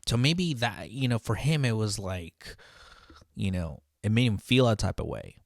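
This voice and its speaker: This man's voice sits on the low side, creaky but lively in intonation, at a normal speed, recorded studio-clean with no room sound. He's a line cook telling a rambling, casual story, cursing constantly, restarting often, and heated, with "like" and "dude" everywhere.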